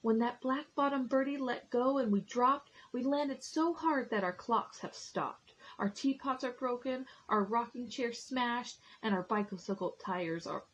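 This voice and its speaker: A woman's voice: fairly high pitch, unhurried, hardly any pauses, a little hiss or hum, lightly acted, rough recording. A woman voicing a tiny, friendly male town mayor in a storybook, speaking earnestly and gratefully.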